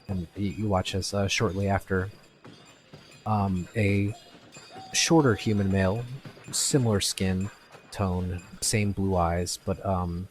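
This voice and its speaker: A man narrating as game master of a tabletop game, halting and full of restarts. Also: sits low, fairly even intonation, a little hiss or hum.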